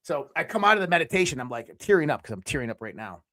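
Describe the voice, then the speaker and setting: A man telling a personal story as a podcast guest, animated and casual, often restarting his sentences and swearing now and then. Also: a little high, rapid-fire.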